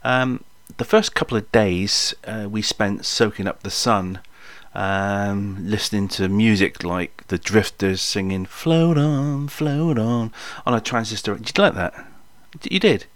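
A man's voice: fairly low pitch, measured pace, fairly bright tone, no room sound. A man in his sixties, casually telling a memoir story in a rambling, jokey way, with many ums and asides to the listener. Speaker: podcast storyteller.

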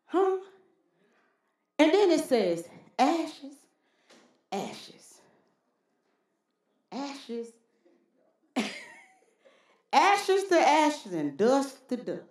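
A woman pastor preaches a sermon in a reverberant space, her high voice swinging widely in pitch. She speaks extremely slowly with frequent pauses and a darkish tone, using folksy talk and calling out "Huh?" again and again to the congregation in call-and-response style.

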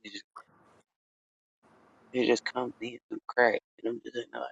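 A man hosting a casual podcast, telling a story with lots of swearing and sudden loud exclamations. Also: mid-range voice, moderate pace, creaky, highs cut off. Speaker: podcast host.

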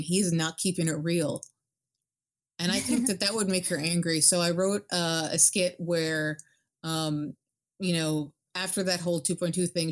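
A woman co-hosting a casual chat about a video game. She rambles, swears casually and gets animated. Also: on the low side. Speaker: podcast co-host.

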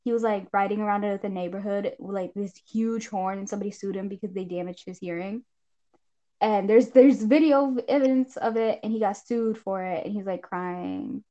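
A young woman co-hosting a podcast, rambling through casual gossip in an animated way. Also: medium pitch. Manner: rambling, animated, quick shifts into shrieking impressions. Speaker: podcast co-host. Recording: dull lo-fi sound.

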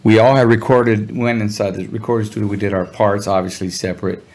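Being interviewed as a musician guest in the Los Angeles area, a man relates a casual story full of slang, briefly voicing the other people in it. His voice is low-leaning, steady, brisk, and somewhat dark.

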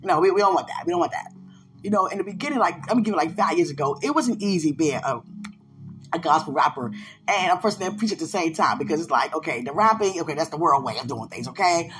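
Woman host, casual faith talk, very expressive pitch, quiet music underneath. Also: quick pace. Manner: animated, laughs often, talks to listeners directly. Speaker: podcast host, preacher and gospel rapper.

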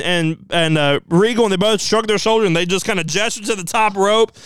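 A man casually recounting an imagined wrestling show in an excitable storytelling manner. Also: sits high, clear, resonant tone, dry recording. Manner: excitable, quick, laughs as he tells it. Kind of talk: casual fantasy wrestling recap.

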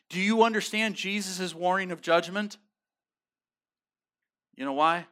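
A pastor preaching a sermon, earnest and emphatic, with casual slang and frequent restarts. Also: male voice, high voice, measured pace, pauses often, a bit bright. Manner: frequent restarts and repeated words.

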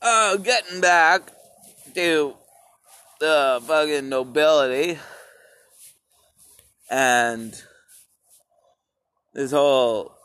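Man, solo podcast host outside, slow profane rambler, slightly high voice. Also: sharp tone, smooth, no room sound. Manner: rambling and profane, addresses listeners as "peoples". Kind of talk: casual solo podcast monologue. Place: outdoors.

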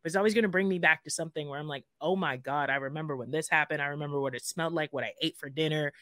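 A podcast guest telling rambling, emotional stories in casual chat. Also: male voice, fairly high pitch, rapid-fire, bright, forceful tone, dry recording, clean studio sound. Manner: emotional, rambling storyteller with many fillers.

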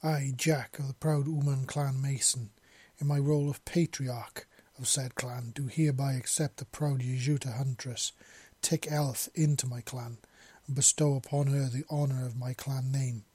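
A man voicing an earnest human man in a story reading, speaking in a formal, then soft, tender way. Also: mid-range voice, level tone, moderate pace, few pauses, husky, dry recording, natural voice. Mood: solemn.

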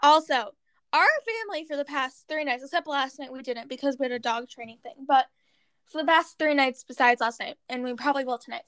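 A woman with a high voice chats casually on a podcast. She rambles, stops to search for words and fills the gaps with "um" and "uh". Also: fairly quick, fairly bright tone, no room sound. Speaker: podcast co-host. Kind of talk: casual chat.

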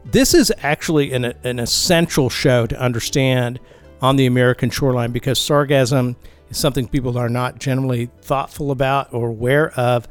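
Man co-hosting a podcast, relaxed. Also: medium pitch, a little fast, faint music behind. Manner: relaxed, with restarts and fillers. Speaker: podcast co-host. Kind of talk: casual podcast chat.

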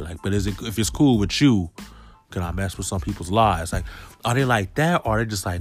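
Man comedian, low voice, rambling slangy riffs, faint music behind. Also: a little fast. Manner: loose, rambling slangy riffing. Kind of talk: comedic monologue vlog.

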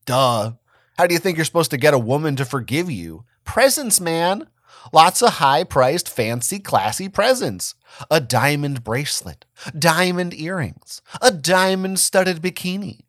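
A man's voice: fairly high pitch, big pitch swings, measured pace, fairly bright tone, no echo, studio quality, voice pushed up. A man voicing a wisecracking, sardonic teenage boy in a dramatic fan-fiction reading. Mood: teasing. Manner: teasing, sarcastic.

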